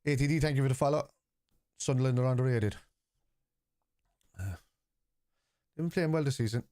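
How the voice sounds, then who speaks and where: A man's voice: medium pitch, normal speed, mellow, no echo, clean studio sound. A man hosting a live football watchalong, chatting casually and answering viewers' comments.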